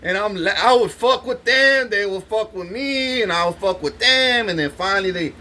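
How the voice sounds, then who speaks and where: A man's voice: high voice, animated, normal speed, sharp tone. A man telling rambling stories in a boastful way, swearing constantly and laughing between lines. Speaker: vlogger. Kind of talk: rambling profane storytelling.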